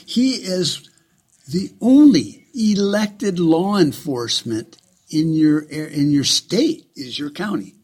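A man delivering a heated, profane, sarcastic ranting monologue in a husky voice. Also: fairly high pitch, expressive, takes it slowly, darkish tone.

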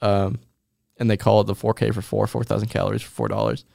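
A young man with a gravelly, creaky voice co-hosts a comedy podcast. He rambles casually and slips in absurd jokes with a deadpan delivery. The sound is close and dry. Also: on the low side, quick pace, no room sound. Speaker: podcast co-host.

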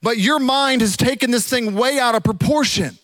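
A man preaching a sermon as a pastor, telling the story with animated energy and dropping to a hush for the quiet parts. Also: extremely high pitch, moderate pace, dry recording. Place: church.

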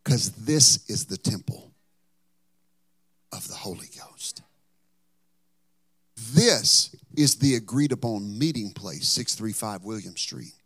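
A man preaching a sermon, telling a story and then pressing his point, at times rising to loud outbursts and at times dropping to a whisper. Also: fairly low pitch, unhurried, husky, no echo, clean studio sound. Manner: drops to a whisper for emphasis. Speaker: pastor.

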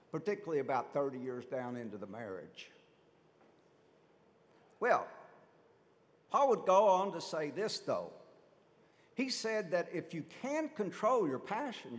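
A lively man preaches with a voice that swings freely up and down, speaking a little high for a man. He keeps asking his listeners questions. His voice rings with a long reverb, as in a big hall. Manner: animated, rhetorical questions to the congregation. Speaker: pastor. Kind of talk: sermon.

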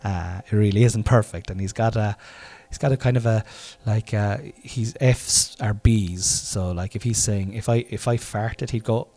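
Mellow-voiced Irish man telling stories. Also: fairly low pitch, normal speed, hardly any pauses. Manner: swearing, laughing, self-deprecating. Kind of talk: casual storytelling monologue.

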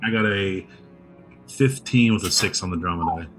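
A man with a very low, bright-edged voice plays his character in a tabletop game. He makes calm, blunt threats, and faint music plays behind him. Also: normal speed. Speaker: player.

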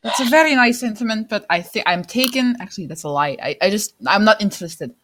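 A woman's voice: mid-range voice, animated, quick pace, a bit bright. A woman player in a tabletop game, cheeky and sarcastic in casual banter.

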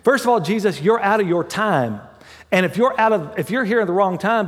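A male pastor preaches a sermon, working through a scripture passage conversationally with asides and quick self-corrections. His voice is high-pitched with lively intonation, and a long reverb tail trails each phrase.

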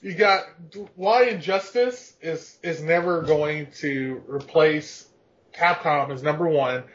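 Crude, high-voiced joking man. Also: slow, a bit bright, highs cut off. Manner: crude, joking, laughs often. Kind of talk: casual podcast chat.

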